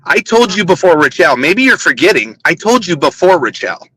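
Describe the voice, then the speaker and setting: High, stammering man arguing heatedly. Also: big pitch swings, brisk, sharp tone. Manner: stammering, repeats himself, talks over others. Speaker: panel speaker. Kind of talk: heated argument on an online voice panel.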